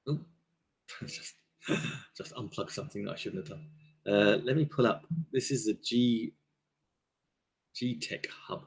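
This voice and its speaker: A man's voice: on the low side, normal speed, long pauses, slightly rough. A man hosting a casual live stream, rambling through products with lots of fillers into a desk microphone. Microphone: desk microphone on a table stand.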